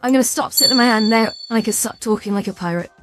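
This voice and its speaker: A young British woman with a high voice hosts a quiz live stream, reading out questions and trading banter with her chat. She is chatty and self-mocking, tripping over tricky words and swearing when things go wrong. Faint music plays behind her. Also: racing. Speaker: streamer hosting a quiz game.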